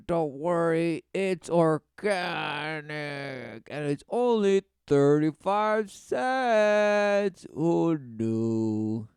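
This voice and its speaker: A man's voice: on the high side, lively intonation, extremely slow, gravelly, few pauses, smooth, dry recording, studio quality. A man giving sarcastic commentary over a news clip, mocking what he hears. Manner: mocking, sarcastic, swings between loud outbursts and mutters.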